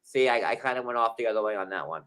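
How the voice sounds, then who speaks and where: A man co-hosting a casual reality-TV recap chat, animated and quick to slip into playful impressions. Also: lowish voice, clean tone. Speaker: co-host.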